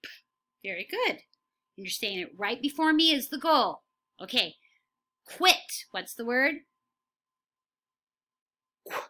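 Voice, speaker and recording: Slow, bright-voiced woman teaching phonics. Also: on the high side, animated, slight background noise. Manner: slow, encouraging, repeats words for pupils. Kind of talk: phonics lesson for young children.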